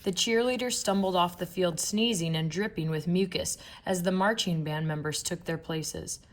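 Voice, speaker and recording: A woman narrating a children's book in a playful, expressive storytelling manner. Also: lowish voice, moderate pace. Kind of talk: children's audiobook reading.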